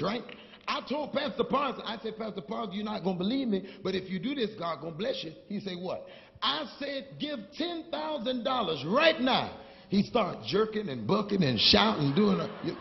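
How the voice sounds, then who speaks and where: A man preaching a sermon, telling stories and building to shouted call-and-response with the congregation. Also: high voice, creaky, slight background noise. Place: church sanctuary. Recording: dull, long-reverb church hall recording.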